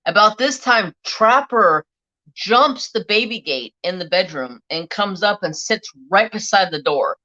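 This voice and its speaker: A woman's voice: mid-range voice, animated, a little slow, bright, forceful tone. A middle-aged woman hosting a live stream, telling a rambling, profane story in a blunt, casual way while answering chat. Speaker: livestream host. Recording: dull lo-fi stream audio.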